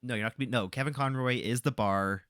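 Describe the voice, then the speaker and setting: A man hosting a podcast, asking questions in a relaxed, agreeable way. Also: medium pitch, fast talker, clean tone, dry recording, clean studio sound. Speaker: podcast host. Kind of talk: casual podcast chat.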